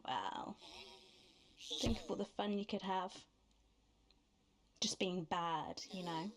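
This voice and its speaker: A woman's voice: lowish voice, slow. An actress voicing a scheming, mocking news anchor in a game, sly and seductive in her delivery. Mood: taunting. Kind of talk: game voice acting.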